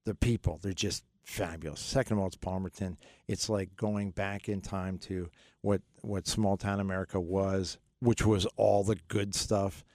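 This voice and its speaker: Rambling, jokey middle-aged radio host. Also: male voice, deep voice, steady tone, moderate pace, darkish tone, no echo, studio quality. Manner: rambling and jokey, many fillers and restarts. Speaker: radio finance show host. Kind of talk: casual call-in radio talk.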